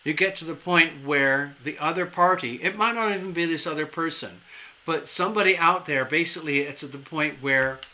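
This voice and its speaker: Tarot reader on a live stream; a man with a bright, fairly high voice, chatty and animated. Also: a little fast, poor audio. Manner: animated, chatty, conversational and playful.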